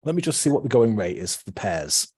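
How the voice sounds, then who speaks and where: A low-voiced man with a husky edge runs a tabletop game, chatty and relaxed as he explains the rules. His voice sits close and dry on the mic. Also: fast talker, no echo. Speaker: game master.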